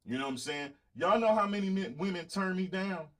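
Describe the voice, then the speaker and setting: A middle-aged Southern US man hosts his own podcast, delivering a blunt, boastful, profane monologue to his viewers. His voice sits high and sounds expressive, and he talks a little fast.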